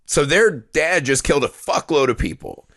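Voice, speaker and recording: A man's voice: a little high, moderate pace. Ranting, swearing male podcast host. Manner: profane, ranting, animated. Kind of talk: casual movie review chat.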